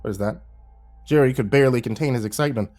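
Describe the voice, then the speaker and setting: A man narrating a horror story in an expressive, wry and dramatic way. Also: mid-range voice, fast, faint music behind.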